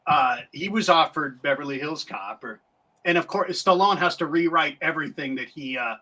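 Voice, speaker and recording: A man's voice: on the high side, normal speed, pushed and bright. A man who is a guest on a podcast, chatting casually and animatedly about a film, often restarting his sentences.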